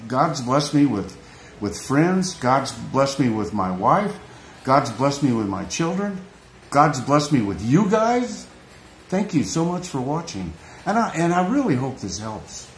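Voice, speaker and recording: A man vlogging off the cuff, earnest and rambling, often restarting and repeating his phrases. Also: medium pitch. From United States. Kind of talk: emotional unscripted vlog rant. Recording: echoey room, faint background noise.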